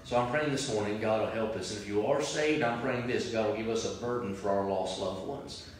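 A man preaching a sermon as pastor, moving between prayer and loud impassioned cries. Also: on the low side, fairly quick. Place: large church sanctuary. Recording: very echoey church from a distant mic.

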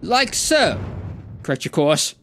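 A man's voice: a little high, big pitch swings, slow, pushed and bright, a little hiss or hum, exaggerated voice. A man putting on the voice of a pompous, mock-medieval male adventurer, talking in an archaic, theatrical way while playing a video game. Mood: grandiose.

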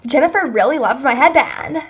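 A young woman voicing an excitable teen cheerleader who talks in a shrill, frantic way. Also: a little fast.

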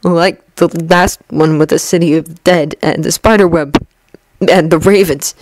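A woman's voice: low voice, fairly even intonation, moderate pace, darkish tone, close to an everyday voice. Woman reading as a shaken teenage boy. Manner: shaky.

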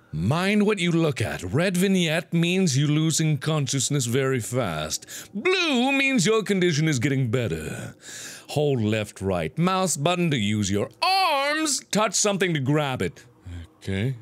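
A man's voice: mid-range voice, a bit bright. A young man hosting a horror game video, joking playfully and exclaiming in surprise as he plays. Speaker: gaming video host.

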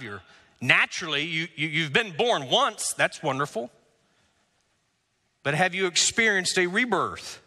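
A man preaching a sermon as pastor, emphatic, with rhetorical questions and drawn-out words. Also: a little high, big pitch swings, sharp tone, big-room sound. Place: church sanctuary.

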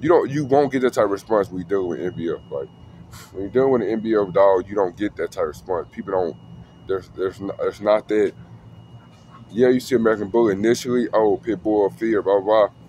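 A man's voice: lowish voice, fast talker, warm tone, a little hiss or hum. A man who breeds dogs, talking casually and slangily to the camera outdoors with his dog. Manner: slangy, laid-back, talks to camera and dog. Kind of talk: casual vlog talk.

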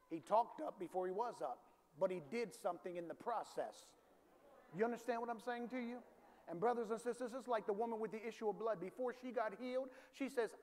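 A male pastor from the preaching a sermon in a large church, calling for responses and rising to shouts. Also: extremely high pitch, brisk. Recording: reverberant hall, faint ambience.

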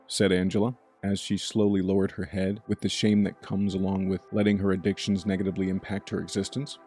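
A man narrating a scripted bedtime story in a measured, descriptive way. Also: deep voice, flat delivery, mellow, breathy edge, faint music behind.

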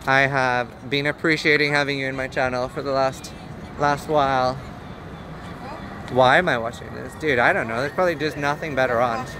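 A man's voice: mid-range voice, steady tone, moderate pace. A young Northern Irish man chatting in a goofy, rambling way while streaming live from city streets. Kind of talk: casual outdoor live stream. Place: outdoors on busy city streets. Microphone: handheld camera filming himself. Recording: street traffic noise behind.

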